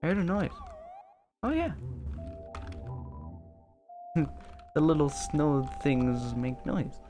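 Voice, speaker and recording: Slow, goofy let's play gamer. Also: mid-range voice, lively intonation. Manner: rambling, goofy, self-amused. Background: game music.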